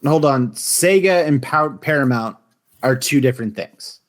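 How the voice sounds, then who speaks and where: A man's voice: mid-range voice, lively intonation, unhurried. A man co-hosting a podcast, talking emphatically and swearing freely, who reads facts aloud to the others. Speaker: podcast co-host. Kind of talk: casual podcast chat.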